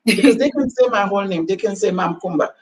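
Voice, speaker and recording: A medium-pitched woman from Gambia talks at a quick pace as a panel guest on a motivational talk show. She delivers preachy, heartfelt advice and voices quoted exchanges. The mic is distant, and faint background noise can be heard.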